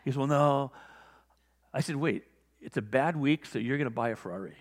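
Male pastor, mid-pitched, animated storyteller; church sanctuary with long reverb. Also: quick pace. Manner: animated storytelling, acting out conversations. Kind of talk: sermon.

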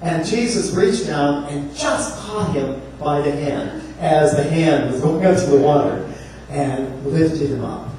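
A man preaches with a humorous, storytelling energy, slipping into playful voices for the characters. His voice sits a little high. He is heard from a distance in a strongly echoing room with faint background noise. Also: slow. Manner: animated, humorous, acts out voices with laughs. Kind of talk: storytelling sermon.

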